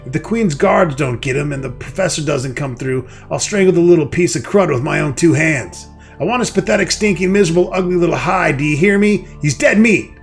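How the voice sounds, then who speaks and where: A man's voice: a little high, brisk, soft background music, close to an everyday voice. A man voicing a bullying male fraternity pledge master from a text adventure game who bellows insults theatrically. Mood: gloating.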